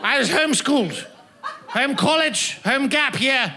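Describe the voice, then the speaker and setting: On a festival stage, a man does stand-up with crowd work, ribbing the audience in florid, mock-formal, pompous language through a handheld mic. His voice is very high, expressive and unhurried, and the live crowd's laughter is noisy.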